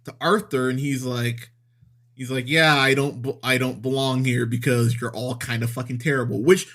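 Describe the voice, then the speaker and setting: A man's voice: mid-range voice, fairly even intonation, normal speed, fairly bright tone. A man co-hosting a movie review podcast, talking casually and profanely, often laughing mid-sentence. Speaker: podcast host.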